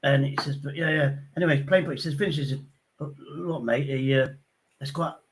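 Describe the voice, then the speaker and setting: A man hosting a casual chat, telling rough pub stories bluntly and acting out the voices of the people in them. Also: medium pitch, steady tone, brisk. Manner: blunt, sweary, acts out quoted voices.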